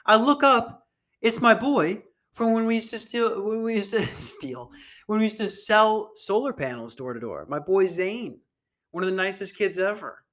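A man's voice: high-pitched, lively intonation, moderate pace, a bit bright. A man hosting a podcast, riffing in casual, profane, rambling comedic commentary on news stories. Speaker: podcast host.

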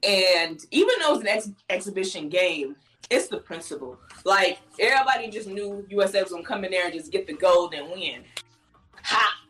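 A woman's voice: mid-range voice, animated, normal speed, fairly bright tone, poor audio. Boastful, teasing Nigerian woman co-host. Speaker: podcast co-host. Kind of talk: casual podcast chat.

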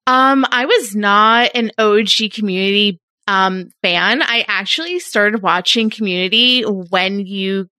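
Bright, chatty woman podcast guest. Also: mid-range voice, unhurried, few pauses, smooth, no echo. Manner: chatty, laughs often, many fillers. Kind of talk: casual podcast chat.

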